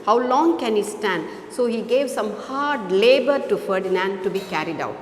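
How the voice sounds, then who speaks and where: Indian woman teacher explaining slowly. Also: mid-range voice, expressive. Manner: slow explaining with repetitions. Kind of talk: story lesson with explanation. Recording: echoey hall with faint noise.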